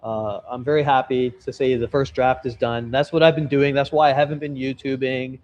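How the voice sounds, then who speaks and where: A travel vlogger who is also a novelist talks candidly and casually to his viewers, giving an update and telling stories with the occasional swear. His mid-range voice is darkish and fairly even, at a moderate pace, with dull audio.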